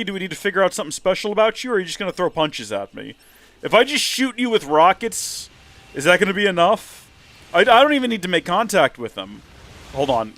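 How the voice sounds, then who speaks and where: Lively, chatty gamer. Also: male voice, sits high. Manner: chatty, joking, self-deprecating. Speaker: host, gamer. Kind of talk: live game commentary.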